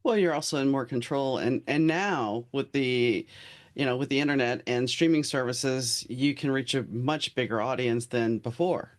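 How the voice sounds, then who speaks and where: A man's voice: medium pitch, normal speed. A male podcast host from New Orleans asking long, chatty interview questions.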